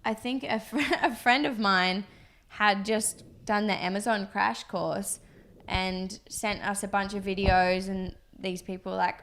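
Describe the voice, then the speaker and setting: A young adult woman co-hosts a podcast and co-founded a business, chatting casually and rambling with lots of fillers. Her voice is medium in pitch and fairly bright, with fairly even intonation and a measured pace.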